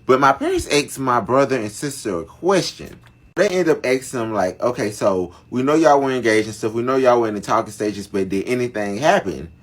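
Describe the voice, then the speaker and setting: A man's voice: mid-range voice, animated, fairly quick. A young man narrating a dramatic family story to his viewers in a chatty, casual storytime style. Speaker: storyteller vlogger.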